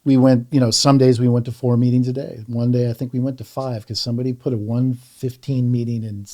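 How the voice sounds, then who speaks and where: A middle-aged man, a podcast guest, telling stories in a relaxed chat, animated and casually profane. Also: mid-range voice, brisk. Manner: animated storyteller, swears casually. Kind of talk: casual storytelling conversation.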